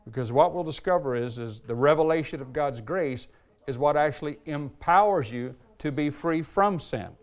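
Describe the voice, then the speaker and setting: A man preaching a sermon as pastor, earnest and emphatic, slowing down and lifting his voice to stress key lines. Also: fairly high pitch. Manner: earnest, emphatic preaching, slows and lifts voice when reading aloud.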